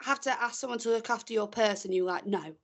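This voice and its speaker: A young woman co-hosting a casual podcast, playful and quick to giggle. Her voice sits a little high for a woman. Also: a little hiss or hum. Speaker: podcast co-host. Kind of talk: casual chat.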